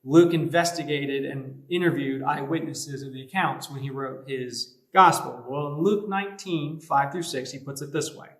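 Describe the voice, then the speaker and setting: A man's voice: mid-range voice, normal speed, few pauses. A man giving a youth sermon as a youth pastor, talking casually and conversationally with everyday comparisons. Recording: echoey room.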